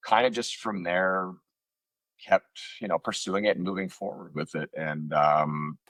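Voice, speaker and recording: Deep, husky-voiced man on a call. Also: steady tone, a little slow, a bit bright, no echo. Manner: rambling, self-mocking anecdotes with many fillers. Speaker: actor guest. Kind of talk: casual interview storytelling. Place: home room. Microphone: computer on video call.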